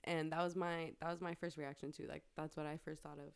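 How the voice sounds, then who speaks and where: A woman's voice: sits low, level tone, quick pace, gravelly, clean tone. A young woman telling a personal story in casual chat, laughing often, swearing freely and saying "like" constantly. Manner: laughs often, swears a lot, peppers speech with "like".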